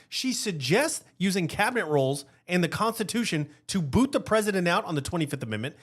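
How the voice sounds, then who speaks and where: Animated high-voiced male podcast host. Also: slightly rough. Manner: animated, rhetorical, keeps asking "right?". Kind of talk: heated political commentary.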